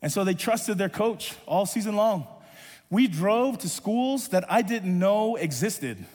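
High-voiced animated preacher in a reverberant hall. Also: male voice, unhurried. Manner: animated storyteller acting out dialogue, rising to shouts. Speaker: pastor and volleyball coach. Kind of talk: sermon storytelling.

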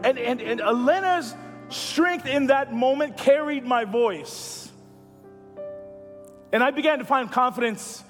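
A male pastor preaching a sermon as a lively storyteller. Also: extremely high pitch, in a large hall, soft background music. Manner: animated storyteller who builds to a hushed, slow close.

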